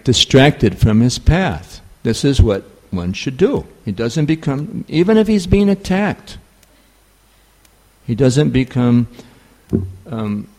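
Man, new york accent, slow, halting class talk, lots of ums. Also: mid-range voice, a little mellow. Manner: halting, many fillers and restarts. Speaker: spiritual teacher.

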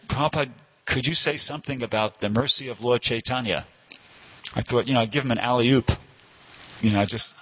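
An older man recounts a story at a temple gathering in a loose, digressive way, often circling back to correct himself. His voice is low and husky. The recording sounds dull and lo-fi. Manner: rambling, digressive, frequent self-corrections. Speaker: devotee telling a story at a temple class. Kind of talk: informal anecdotal storytelling.

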